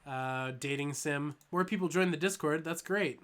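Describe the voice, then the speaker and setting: A young man hosts a live stream from home in a voice pitched a little high. He rambles in a loose, joking way and leans on ums while he answers chat. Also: fairly even intonation, brisk, hardly any pauses, a bit bright. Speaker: toy channel host streaming live.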